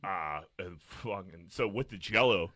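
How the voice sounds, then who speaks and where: A man's voice: low-pitched, a little slow, bright, forceful tone, dry recording. A man in his thirties, co-hosting a casual podcast and telling stories in a rambling, profane way. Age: 30s. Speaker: podcast co-host.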